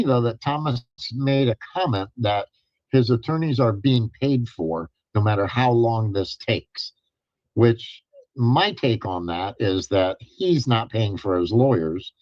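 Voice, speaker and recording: Middle-aged male co-host, measured and chatty, on a dull, dry mic. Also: mid-range voice, a little mellow, dry recording. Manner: measured, storytelling, many fillers. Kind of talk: casual chat.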